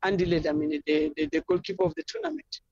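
A woman's voice: fairly low pitch, very animated, quick pace, creaky, darkish tone, breathy edge, dry recording, highs cut off. A South African woman football coach answering interview questions in an effusive, rambling storytelling way.

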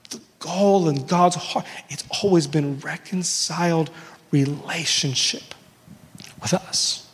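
A man's voice: fairly high pitch, slow, a bit bright, in a large hall. A pastor in his thirties preaching a sermon in an earnest, emphatic way, often restarting his sentences.

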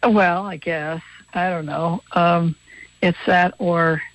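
Slow-talking woman radio co-host. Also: fairly low pitch, steady tone, no echo. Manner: laid-back, brief agreeing replies. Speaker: co-host of a local radio talk show. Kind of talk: casual radio chat. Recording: dry, dull radio sound with faint music.

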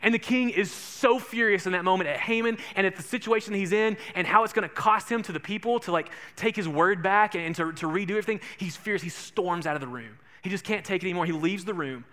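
A man preaching in a casual, animated storytelling style, acting out the characters. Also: high-pitched, fairly quick. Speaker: pastor. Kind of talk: sermon storytelling.

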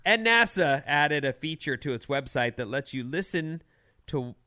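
A man's voice: on the high side, lively intonation, normal speed, sharp tone, clear, resonant tone. A man hosting a radio show, chatting casually and reading quirky news items with an opinionated, teasing manner.

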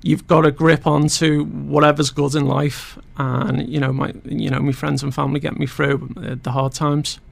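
Gravelly Scouse man with a raised voice. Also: on the high side, level tone, normal speed, hardly any pauses, no room sound. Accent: Scouse (Liverpool). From Liverpool, England. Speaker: guest. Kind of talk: radio interview.

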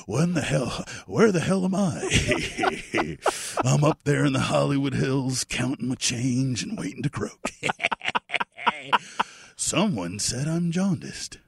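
A man doing an impression of a wry, gravelly old movie star waiting to die. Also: medium pitch, a bit bright, heavily acted. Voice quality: gravelly, raspy, slow drawl.

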